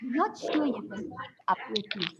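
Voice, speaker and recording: A woman teacher reading a story aloud to her class, animated, acting out the parts. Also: a little high, fairly quick, lo-fi sound, over a noisy crowd. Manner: animated storyteller, gasps and acts out voices.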